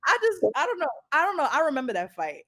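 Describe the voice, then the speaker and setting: A woman co-hosting a casual podcast chat, telling stories in an animated, blunt way with frequent laughter. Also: high-pitched, fast talker. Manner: animated storytelling, laughs a lot, blunt and profane. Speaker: podcast co-host.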